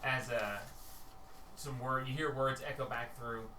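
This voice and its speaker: A man running a tabletop game, narrating scenes in a bright voice full of fillers. He sounds roomy and set back from the mic, with faint ambience behind. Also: mid-range voice, steady tone, unhurried, far from the mic, a little hiss or hum. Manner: rambling, many fillers. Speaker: game master.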